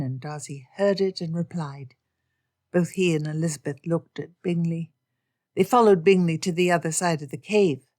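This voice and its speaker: A woman narrating an audiobook in a steady, expressive reading style. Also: lowish voice. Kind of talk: scripted narration.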